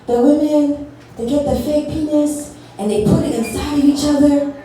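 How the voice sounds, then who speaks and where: A woman voicing a preachy middle-aged male church pastor with a Haitian accent and a drawn-out, sermonizing delivery. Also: very high-pitched, steady tone, dark tone, soft background music, pitched above the performer's own voice. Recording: echoey room from far off, audience noise.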